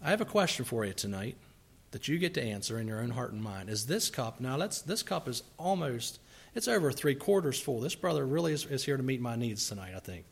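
A man preaching a sermon, acting out grumbling voices and asking rhetorical questions, swinging from quiet asides to loud outbursts. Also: medium pitch, big pitch swings, fairly quick, creaky, breathy edge.

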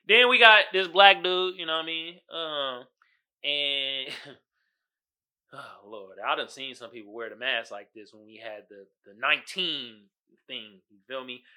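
A male podcast host riffs casually with his listeners. His voice sits high and swings widely in pitch. The tone is bright and sharp. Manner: animated, joking, talks to the audience as "y'all". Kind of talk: casual solo podcast chat.

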